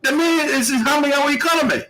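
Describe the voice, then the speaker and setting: A man's voice: very high-pitched, fast talker, pushed and bright, low-quality recording. A man hosting a live online talk show, rambling, laughing often and reading out viewer comments. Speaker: host.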